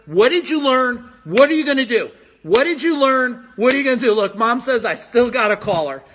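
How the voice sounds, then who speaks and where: High, bright-voiced pumped-up male coach. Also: a little fast, a little hiss or hum. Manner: energetic, pushy, repeats phrases for emphasis. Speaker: business coach hosting a live stream. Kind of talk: motivational live-stream talk reading viewer comments. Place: at home.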